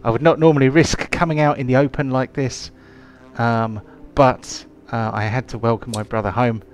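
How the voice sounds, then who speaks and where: A man's voice: mid-range voice, fairly even intonation, soft background music, natural voice. A man playing a plain-spoken dwarf noble. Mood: earnest. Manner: plain unaccented speech, halting with fillers. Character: dwarf nobleman in hiding, earnest, a hero's brother.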